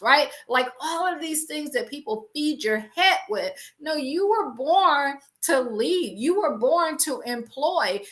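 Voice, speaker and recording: High-voiced woman preaching emphatically. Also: sharp tone. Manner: emphatic, repetitive, exhorting; acts out playful mock voices for emphasis. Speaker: faith-based business coach. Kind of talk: motivational preaching to a live-stream audience. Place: recorded for an online show.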